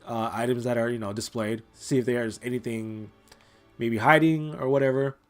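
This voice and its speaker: A man talks casually over a retro game playthrough, wandering through his explanations with lots of "like" and "you know." His voice sits at an average, middle pitch. He sounds relaxed and unscripted. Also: normal speed, faint music behind. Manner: rambling, full of "like" and "you know". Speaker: let's play host. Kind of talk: casual gameplay commentary.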